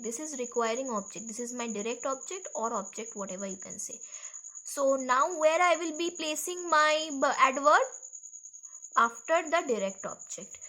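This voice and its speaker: A woman teaching an English grammar lesson with an Indian English accent, repeating key phrases slowly for her students. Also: high-pitched, sharp tone.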